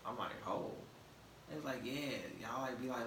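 A man's voice: medium pitch, steady tone, normal speed, fairly bright tone. A man hosting a casual podcast, with a light Southern accent mixed with Detroit, talking loose and slangy with lots of restarts. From American South, raised in Michigan. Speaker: podcast host. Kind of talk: casual podcast chat on a live stream. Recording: echoey, distant mic with faint noise.

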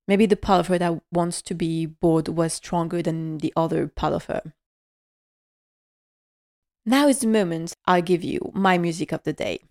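A woman's voice: lowish voice, a little mellow, no room sound, clean studio sound. Woman, casual recap chat, chatty, laughs a lot. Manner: chatty, laughs often, restarts sentences. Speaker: podcast host recapping a drama series.

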